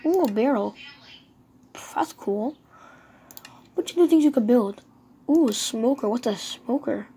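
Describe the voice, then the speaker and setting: A woman giving casual, excitable commentary while she plays a game, talking to herself. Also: fairly high pitch, a little slow, pauses often, slightly rough. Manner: chatty, excitable, talks to herself. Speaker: gamer.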